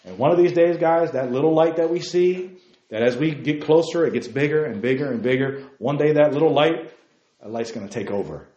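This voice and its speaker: A man preaching a sermon to a youth group, fervent and emphatic, repeating his key phrases and talking fast. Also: fairly high pitch, warm tone, echoey room, dull audio. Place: meeting room.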